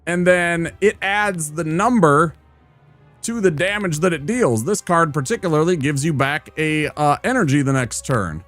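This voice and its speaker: A man's voice: on the high side, expressive, unhurried, fairly bright tone, soft background music. A man streaming and commenting on a game in a playful, teasing, chatty manner. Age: adult. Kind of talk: casual gameplay commentary.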